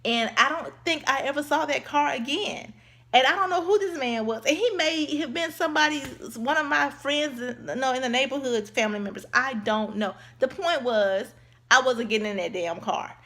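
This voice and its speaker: With a voice that sits high and a moderate pace, a woman shares a casual storytime vlog. She's animated, impersonates the people in her tale and keeps saying y'all to viewers.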